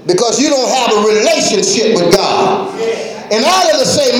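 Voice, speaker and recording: A man preaching a fervent sermon, often shouting with drawn-out emphasis, in a church with his congregation. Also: very high-pitched, animated. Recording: echoey church hall with congregation.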